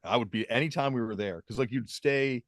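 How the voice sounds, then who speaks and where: A man's voice: mid-range voice, brisk, no room sound, studio quality. A man co-hosting a podcast, telling stories in a laid-back casual way with lots of fillers. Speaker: podcast co-host. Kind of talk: casual chat.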